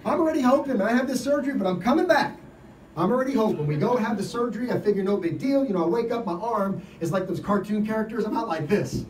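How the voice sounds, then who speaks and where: A man giving an informal sermon, telling stories in an animated way and laughing often. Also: high-pitched, fast, reverberant, far from the mic, a little hiss or hum, rough recording. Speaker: lay preacher. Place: event gathering.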